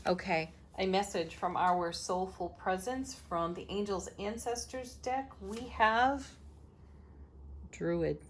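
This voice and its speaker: A woman host giving a daily tarot reading, speaking in a slow, soothing and affirming way, with soft laughs between cards. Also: medium pitch, slight background noise. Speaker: tarot reader, channel host.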